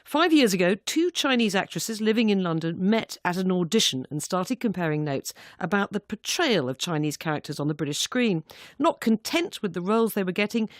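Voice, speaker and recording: A woman presenting a radio arts show and interviewing guests, measured, with some hesitant fillers in her questions. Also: medium pitch, no echo, studio quality. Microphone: studio microphone.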